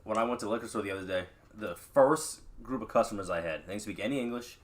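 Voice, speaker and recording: A man's voice: fairly low pitch, fast. A man co-hosting a podcast in casual chat, telling work stories with laughter and imitating confused customers. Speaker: podcast co-host.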